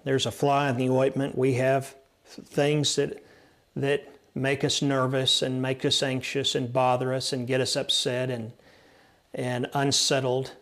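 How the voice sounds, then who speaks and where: A man's voice: medium pitch, monotone, measured pace, a bit bright. A man with a Texan accent preaching a sermon, emphatic, repeating phrases and restarting lines as he teaches from scripture. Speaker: pastor.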